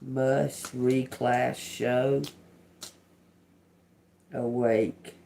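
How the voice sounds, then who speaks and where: Slow, gravelly man repeating words. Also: mid-range voice, flat delivery, warm tone, a little hiss or hum. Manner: slow, halting, repeating single words aloud. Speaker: livestream psychic reader. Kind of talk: live spirit-box and card reading.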